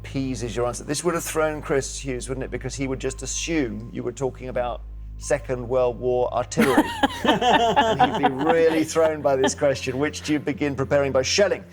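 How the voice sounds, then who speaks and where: A man's voice: medium pitch, expressive, normal speed, faint music behind. A man hosting a quiz show in a TV studio, upbeat and teasing as he reads out questions.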